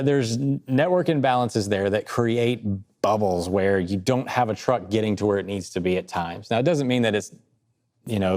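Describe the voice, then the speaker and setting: A man co-hosting a podcast, talking through market charts in a casual, quick, joking way. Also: lowish voice. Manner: quick, joking, lively, laughs between points. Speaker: podcast co-host. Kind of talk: casual market analysis chat.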